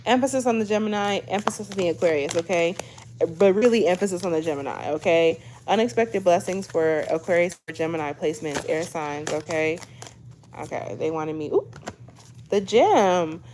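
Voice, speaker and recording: A woman's voice: fairly low pitch, normal speed, darkish tone, a little hiss or hum. A woman doing a casual tarot reading to camera, chatty, often tagging lines with "okay?" and addressing viewers as "y'all". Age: 20s. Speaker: tarot reader.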